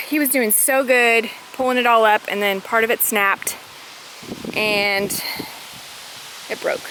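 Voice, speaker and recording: A woman, chatting excitedly as she walks her garden for a homesteading vlog, gasping at her finds. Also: fairly high pitch, takes it slowly, pauses often, noisy background. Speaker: homesteading vlogger. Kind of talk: casual walk-and-talk vlog. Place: outdoors in a rural garden. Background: outdoor ambience, rustling leaves, animals.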